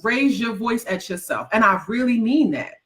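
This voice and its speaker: A woman's voice: on the high side, animated, normal speed, a bit bright. Emphatic woman coach giving a pep talk. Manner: emphatic and repetitive, teasing the audience; folksy, calls listeners "baby". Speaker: book-writing coach. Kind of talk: motivational talk to a live audience.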